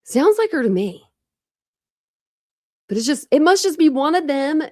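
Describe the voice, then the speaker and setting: Rambling woman streamer, fairly high voice, dry close sound, casual chat to viewers. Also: sing-song, normal speed, warm tone, dry recording. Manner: rambling, filler-heavy, talks to chat. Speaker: true crime streamer.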